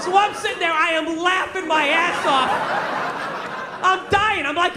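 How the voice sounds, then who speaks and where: A man's voice: very high voice, lively intonation, moderate pace, very noisy. A man doing a stand-up comedy routine, self-mocking and acting out other voices on a live stage. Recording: echoey stage recording with crowd laughter.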